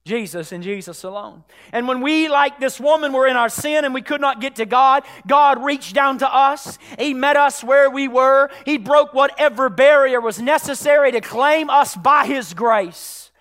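A pastor preaching a sermon to his church, swinging from hushed, whispered lows to shouted climaxes. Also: moderate pace, hardly any pauses. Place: church sanctuary.

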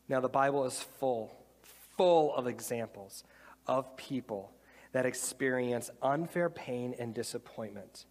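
A man preaching a sermon to a live congregation, conversational and enthusiastic. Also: medium pitch. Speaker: pastor. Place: church with audience. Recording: reverberant church hall.

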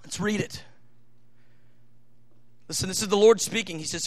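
Fervent high-voiced male preacher. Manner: fervent, emphatic, varies pace from rushed asides to slow stressed phrases. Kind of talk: sermon, Bible teaching.

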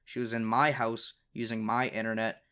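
A man's voice: on the low side, level tone, moderate pace, sharp tone, clear, resonant tone. Profane young man ranting. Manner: profane and exasperated, laughing between lines. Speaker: podcast host. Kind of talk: casual storytelling rant.

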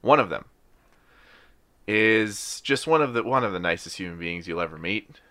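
Man, deep voice, bright edge, wry rambling podcast host, casual chat. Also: lively intonation, moderate pace.

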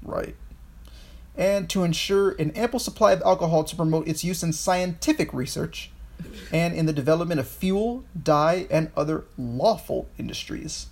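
A man's voice: on the high side, normal speed, creaky, a little mellow. A man co-hosting a podcast, chatting casually about history, rambling with frequent restarts and swearing. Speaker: podcast co-host.

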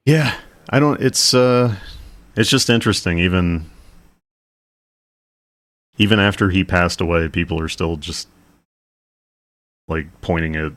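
A man's voice: deep voice, a little slow, long pauses, a bit bright. A man co-hosting a podcast in casual chat, rambling and laughing a lot as he talks. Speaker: podcast co-host.

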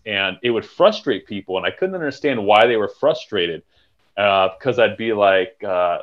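A man's voice: lowish voice, normal speed, a bit bright. A man talking candidly and reflectively in a podcast conversation, swearing casually. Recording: dull lo-fi recording.

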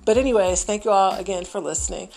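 A woman hosting her own podcast in a casual monologue, blunt and profane, and her voice climbs higher when she gets riled up. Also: fast, creaky, warm tone, faint music behind. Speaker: podcast host.

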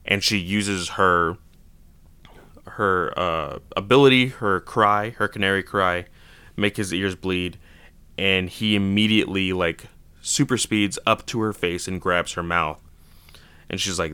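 A man with a very low, clear voice talks through a comic storyline in a loose, enthusiastic way. His tone is bright and forward, and the sound is dry and close. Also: slow, long pauses, no echo. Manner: enthusiastic, loosely retells scenes with quoted lines. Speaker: comic book reviewer. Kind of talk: casual recap.

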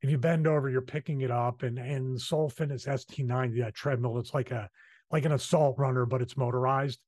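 A man's voice: medium pitch, steady tone, a little fast, darkish tone, dry recording, clean studio sound. A man with a Philadelphia accent hosting a casual podcast, talking in rambling, self-correcting sentences. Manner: chatty, rambling, restarts his sentences. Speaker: podcast host.

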